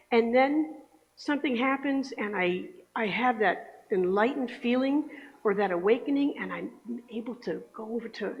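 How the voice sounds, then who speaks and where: A woman giving a conversational sermon in a church, often checking in with the congregation. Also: on the high side. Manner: chatty, asks the congregation for agreement. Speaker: speaker giving the Sunday message. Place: church sanctuary. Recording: echoey hall, dull lo-fi sound.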